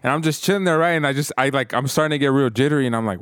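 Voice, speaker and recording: Laid-back young man with a lively voice. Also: mid-range voice, very fast, no echo, studio quality. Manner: laid-back, swearing, laughing often. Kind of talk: casual chat.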